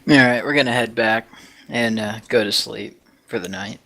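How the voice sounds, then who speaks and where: A man in a tabletop game speaking as his character in a measured way. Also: on the low side, creaky, bright, forceful tone. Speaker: player.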